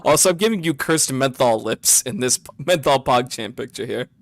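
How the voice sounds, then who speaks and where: A man's voice: medium pitch, lively intonation, normal speed, vocal fry, dry recording. A young man hosting a casual podcast, jokey and laughing often. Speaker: podcast host.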